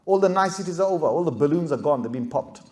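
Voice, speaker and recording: A man speaking as an Islamic scholar to young students, animated and rhetorical, often checking in with "right?" and acting out everyday characters. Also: a little high, quick pace. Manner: acts out everyday characters with playful voices. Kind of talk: lively talk to a youth audience.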